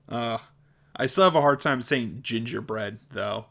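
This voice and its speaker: A video creator talks casually to camera in a vlog, chatty and self-deprecating. His medium-pitched voice is steady and a bit bright, at a measured pace. He often stumbles over and repeats words, then laughs at his own slips.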